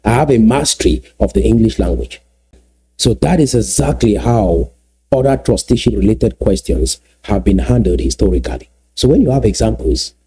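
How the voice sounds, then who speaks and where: Emphatic man with a husky, dark voice. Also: mid-range voice. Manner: emphatic, repeats key phrases slowly. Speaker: political commentator. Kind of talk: solo video commentary.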